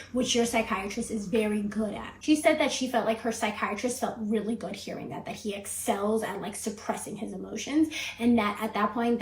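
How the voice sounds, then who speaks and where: A woman's voice: mid-range voice, roomy sound, a little hiss or hum, rough recording. A woman host retelling a story in casual commentary, chatty and peppered with "like" as she acts out what people said.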